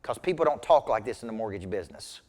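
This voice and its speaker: A man's voice: lowish voice, big pitch swings, quick pace, darkish tone. A man working as a business coach, giving a motivational sales training talk to a group at tables, with emphatic, punchy repetition. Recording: reverberant hall sound.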